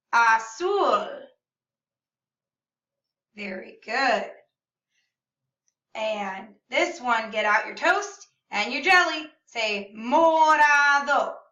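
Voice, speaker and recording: A woman teaching a video language lesson for children, upbeat and enunciating slowly so students can repeat after her. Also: fairly high pitch, sharp tone, dull audio. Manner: upbeat, slow and clearly enunciated, modeling words for repetition. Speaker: Spanish teacher. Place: classroom or room at home. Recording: echoey room, slightly far from mic.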